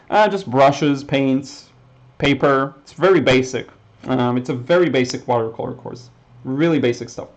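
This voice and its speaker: A man with a mid-pitched voice teaches watercolor on a live stream and reads out viewer comments as he works. He talks in a loose, friendly way, full of "um"s and small laughs. The sound is a bit dull and lo-fi. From Israel. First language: Hebrew. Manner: relaxed and chatty, many fillers, short laughs. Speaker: watercolor painting instructor. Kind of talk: live-stream painting demo, reading chat.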